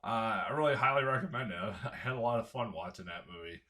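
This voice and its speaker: A man's voice: on the low side, animated, quick pace, bright, forceful tone. A man giving a rambling, profane, casual film review, full of fillers and chuckles. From United States.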